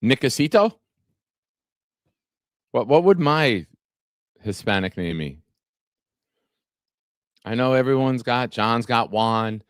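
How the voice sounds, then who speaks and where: A man's voice: mid-range voice, expressive, takes it slowly, long pauses, clear, resonant tone, no room sound, studio quality. A man hosting a casual live-streamed sports talk show, chatting with viewers by name and reading from an article. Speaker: podcast host.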